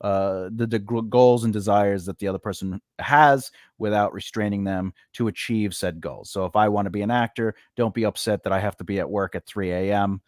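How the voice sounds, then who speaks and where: A comedian and actor chats casually in a lowish voice, fairly quick and with hardly any pauses. He's an animated storyteller who acts out both sides of household arguments, recorded in clean studio sound with no room sound.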